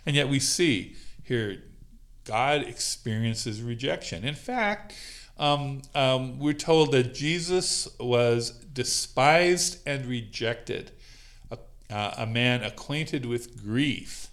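A man's voice: mid-range voice, expressive, takes it slowly, fairly bright tone. A man leading a Bible study, talking it through informally with frequent fillers and light laughs. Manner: conversational, many fillers and laughs. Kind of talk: informal teaching on a call.

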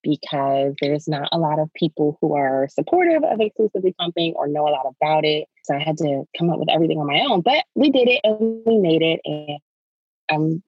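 Low-voiced husky woman guest. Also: expressive, a little fast, dry recording, muffled recording, soft background music. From Maryland. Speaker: podcast guest, breastfeeding specialist. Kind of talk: casual interview.

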